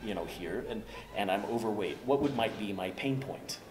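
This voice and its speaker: An older business professor teaches conversationally in a lowish, expressive voice at normal speed, jovial and self-deprecating, ending sentences with "right?". The room is echoey, with music and a crowd audible behind him.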